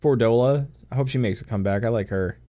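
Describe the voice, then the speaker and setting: A man streaming and chatting casually about a game, animated, laughing often and swearing casually. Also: medium pitch, fast talker. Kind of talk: casual gaming chat.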